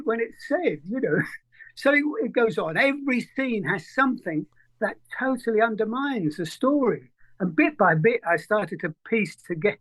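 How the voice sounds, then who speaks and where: An older man with a notably high-pitched voice speaks as an interview guest. He tells stories in an animated, anecdotal way and acts out quoted dialogue as he goes. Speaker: film editor guest. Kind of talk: conversational interview storytelling.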